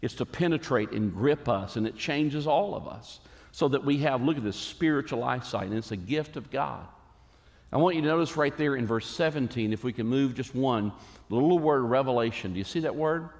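A man preaching a sermon as a pastor, earnest and emphatic, with dramatic pauses. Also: mid-range voice, lively intonation, in a large hall.

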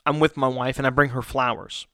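A man's voice: medium pitch, steady tone, fairly bright tone, no room sound, studio quality. A man preaching a conversational sermon who often restarts his sentences and checks in with rhetorical questions. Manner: halting, frequent restarts, rhetorical "right?". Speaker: pastor.

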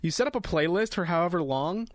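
An animated man co-hosting a podcast, swearing freely and laughing. His voice sits a little high for a man. It is recorded close and dry. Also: fast talker, no room sound. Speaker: podcast co-host. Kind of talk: casual chat.

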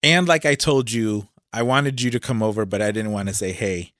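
A man's voice: mid-range voice, fairly quick, fairly bright tone, no room sound, clean studio sound. A man co-hosting a podcast, trading teasing banter and laughing often. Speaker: podcast co-host. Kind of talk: casual banter.

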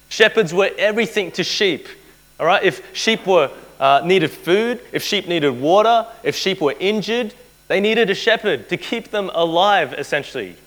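A man's voice: fairly high pitch, a bit bright, poor audio. Earnest man preaching a sermon. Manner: earnest, repeats key phrases for emphasis; asks the audience rhetorical questions.

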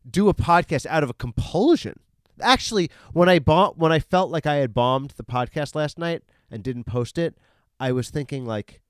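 A man's voice: mid-range voice, no echo, clean studio sound. A man hosting a casual solo podcast, rambling and swearing freely, full of fillers and self-corrections. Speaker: podcast host. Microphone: studio podcast microphone.

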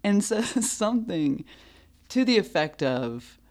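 A woman telling a story in a casual chat, animated and laughing often, acting out what people said. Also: mid-range voice, takes it slowly.

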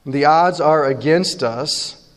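A male pastor preaching a sermon in a conversational, animated way, joking with his congregation. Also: a little high, slow pace, big-room sound.

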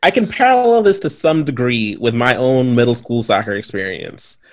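A man's voice: medium pitch, lively intonation, moderate pace. A man co-hosting a casual movie podcast, laughing often and trading sarcastic jokes. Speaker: podcast co-host. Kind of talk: casual chat reviewing a movie.

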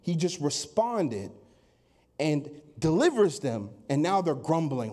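A man preaching a Sunday sermon, acting out complaining voices and rising to loud, emphatic peaks. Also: sits high, lively intonation, normal speed. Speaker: pastor.

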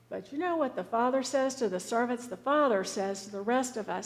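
A woman's voice: mid-range voice, brisk, few pauses. A woman preaching a sermon, telling a story in an earnest, pleading way. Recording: reverberant church hall.

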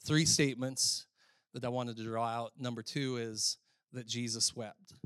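A male pastor preaching a sermon in a conversational way, often saying "like", swinging between loud, emphatic stretches and quiet, reflective ones. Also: medium pitch, fairly even intonation, a little slow, clean tone, no room sound, studio quality. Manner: frequent filler "like".

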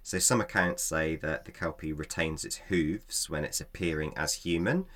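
A man's voice: very deep voice, moderate pace, fairly bright tone. A man co-hosting a casual podcast, chatting and reading folklore notes aloud with frequent laughs. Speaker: podcast co-host.

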